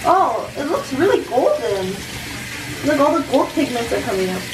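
Young woman vlogger, bright bouncy delivery, a bit high, set back from the mic in a roomy space. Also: sing-song, moderate pace, recorded from a distance, background noise. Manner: bubbly, gushing exclamations. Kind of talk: casual vlog chat. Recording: roomy, off-mic, music behind.

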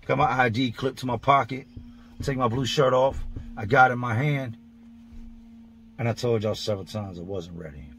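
A man's voice: medium pitch, moderate pace, long pauses, a bit bright, soft background music. A man telling a story from his past in a casual monologue, blunt, profane and full of street slang, describing events step by step. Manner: vivid, blow-by-blow retelling. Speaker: vlogger recounting prison experiences.

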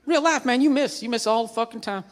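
Man doing a loud, high Southern redneck gun nut; echoing hall, noisy crowd. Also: quick pace. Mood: lecturing. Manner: shouting, drawling, trailing off. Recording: live stand-up, roomy hall, loud crowd.

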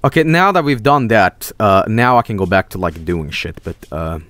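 A young man streaming a video game, excitable and swearing, often yelling at the characters on screen. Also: lowish voice, normal speed, no room sound. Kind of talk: gaming livestream commentary.

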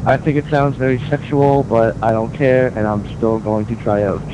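A man's voice: medium pitch, fairly even intonation, normal speed. A young man recording a joking audition outdoors, rambling and self-mocking with many hesitant fillers. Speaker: audition hopeful. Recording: loud outdoor noise, wind.

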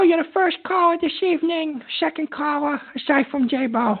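A man's voice: very high voice, drawn-out words, long pauses. A man hosting a call-in radio show, talking in a weary, hesitant way and trailing off. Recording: tinny phone line.

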